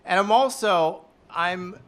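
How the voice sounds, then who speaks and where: A man in his thirties telling a self-deprecating story on stage, animated and swinging between loud and hushed. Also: sits high, takes it slowly. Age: 30s. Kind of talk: live storytelling performance.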